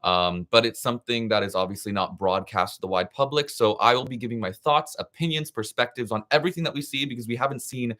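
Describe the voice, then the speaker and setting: A young man hosting a live reaction stream, chatty and excitable, giving frank opinions in a scattered, casual way. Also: mid-range voice, quick pace, few pauses. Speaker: livestream reaction host.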